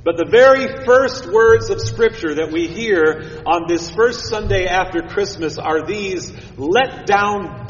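A man, a pastor, preaching a sermon with emphatic build-ups and wry asides. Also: high-pitched. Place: church sanctuary. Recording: echoey church hall, dull sound.

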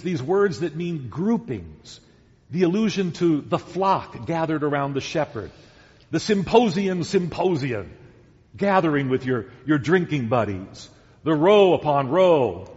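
A man preaching a sermon as pastor, deliberate and emphatic, repeating key words. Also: a little high. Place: church sanctuary. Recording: dull sound with long church reverb.

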